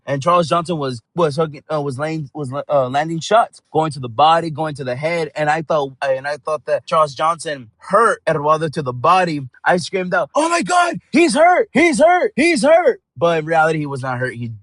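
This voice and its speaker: A man with a fairly high voice gives a heated, foul-mouthed fight recap as host of his channel. He swears constantly and rambles from one thought to the next. The sound is dry and close, with no room around it. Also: a bit bright, dry recording.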